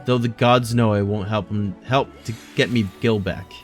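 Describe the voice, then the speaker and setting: A man voicing a cranky, hard-drinking tavern regular with indignant, rough-slang delivery. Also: fairly low pitch, steady tone, normal speed, soft background music, natural voice.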